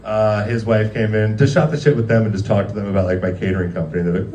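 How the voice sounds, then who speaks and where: A man's voice: fairly low pitch, fairly even intonation, fast, warm tone, distant mic, dull audio. A man in his thirties doing casual stand-up in a restaurant, rambling and laughing through his stories with lots of "like". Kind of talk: casual stand-up comedy storytelling. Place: dimly lit restaurant, live audience.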